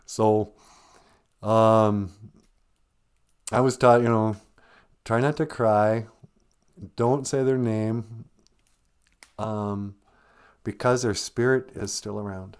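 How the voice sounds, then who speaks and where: Soft-spoken man chatting on a live stream. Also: lowish voice, steady tone, slow pace, long pauses, smooth. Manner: joking, self-deprecating, gentle. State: close to tears. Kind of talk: casual live stream talk.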